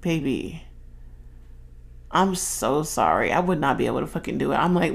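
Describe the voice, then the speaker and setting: A young woman talks through her own podcast in a loose, unhurried way, with a low, gravelly voice. She swears freely and swings her pitch widely, jumping way up when she acts out a moment. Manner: expressive, swears, dramatic pitch jumps when acting out stories. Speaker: podcast host. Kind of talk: casual solo chat.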